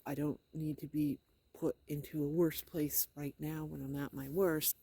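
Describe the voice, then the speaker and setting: Hoarse middle-aged woman, hesitant and gravelly. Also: low-pitched, level tone, moderate pace, mellow, a little hiss or hum. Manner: hesitant, rambling, many fillers. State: hoarse, sore throat. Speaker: vlogger. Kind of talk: casual personal video diary.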